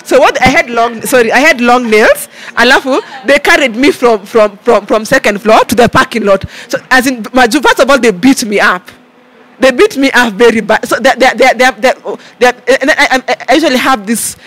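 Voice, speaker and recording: A woman with a Kenyan accent, an interview guest telling a personal story in an animated way, stumbling over many repeated words and restarts. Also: on the high side, moderate pace. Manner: acts out her own past shouting in quotes.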